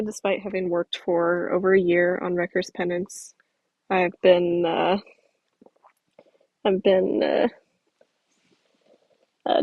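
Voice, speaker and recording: A woman's voice: mid-range voice, creaky, darkish tone, no echo, low-quality recording. A woman streaming as she edits a stop-motion video, talking casually and answering viewer comments while she works. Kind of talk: casual livestream chat.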